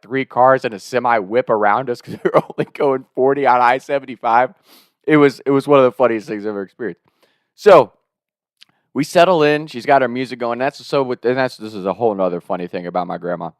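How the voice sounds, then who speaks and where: A young man in his twenties telling a wild story in a casual, animated way, swearing and laughing as he goes. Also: medium pitch, quick pace, no echo, studio quality. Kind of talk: casual spoken anecdote.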